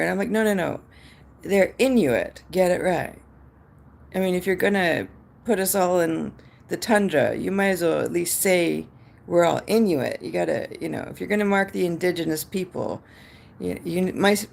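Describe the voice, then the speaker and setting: Her voice sits on the low side and sounds gravelly. She is a Canadian livestream host who rambles to her viewers with plenty of filler, reading chat messages aloud and reacting with replies.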